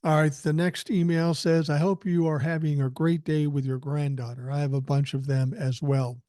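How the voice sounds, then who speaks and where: A man's voice: a little high, level tone, moderate pace, mellow, dry recording. An older man hosting a podcast, telling blunt, profane stories in casual chat. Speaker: podcast host. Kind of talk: casual commentary.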